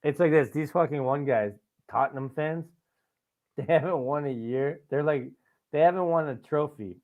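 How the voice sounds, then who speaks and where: This man's voice sits fairly high, and he talks at a measured pace with long pauses. He hosts a podcast, spinning stories in loose, casual chat packed with swearing and laughter, all lively and profane. The audio sounds thin and tinny, like a phone line.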